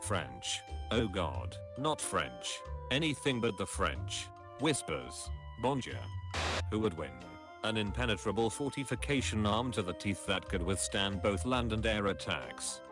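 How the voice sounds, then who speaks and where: A man reading meme captions aloud in a dry, deadpan, clipped way. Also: lowish voice, unhurried, music in the background.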